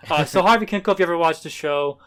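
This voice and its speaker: A man's voice: fairly high pitch, rapid-fire, a bit bright, smooth. A man co-hosting a podcast in casual chat, rambling and stop-start with emphatic bursts. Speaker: podcast co-host.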